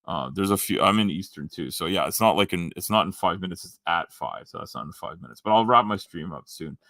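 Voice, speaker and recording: Low-voiced Canadian man rambling on stream. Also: expressive, pushed and bright, no room sound, clean studio sound. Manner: rambling, halting, many restarts and ums. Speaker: livestream host. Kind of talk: casual livestream chat reading comments.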